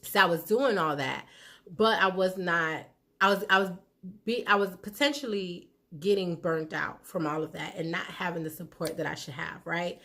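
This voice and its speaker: A woman's voice: on the low side, a bit bright. A woman in her thirties talking candidly to her viewers about her marriage, frank and conversational, acting out what people said. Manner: frank and conversational, acts out quoted lines. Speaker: vlogger giving relationship advice. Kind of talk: candid personal talk to viewers.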